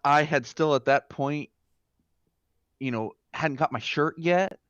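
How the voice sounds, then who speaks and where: A man's voice: fairly high pitch, takes it slowly, fairly bright tone, clean tone, dry recording, muffled recording. A man telling a long casual story as a talk show guest, rambling with lots of fillers and restarts.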